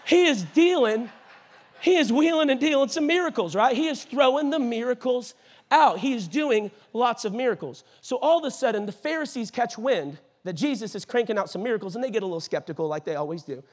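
A man preaching a sermon in a church, animated and jokey, using playful voices for the characters in scripture. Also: extremely high pitch, brisk. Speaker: pastor. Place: church auditorium.

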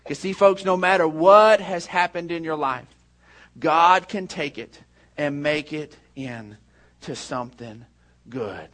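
A man preaching a sermon, telling stories and shifting between hushed and raised passages. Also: a little high. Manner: storytelling, swings from hushed to raised. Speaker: pastor.

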